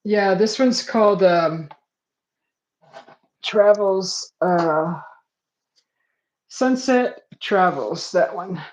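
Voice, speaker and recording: A woman's voice: medium pitch, drawn-out words, long pauses, a little mellow, reverberant. A woman hosting a casual art livestream, hesitant and self-deprecating, chuckling often.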